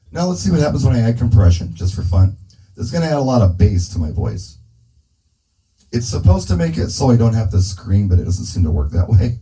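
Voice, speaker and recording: Speaking low with a dark tone, this man is a mobile DJ checking a handheld dynamic microphone through a PA speaker indoors. He muses casually to himself while adjusting settings, in a relaxed demo style, and the audio is low quality.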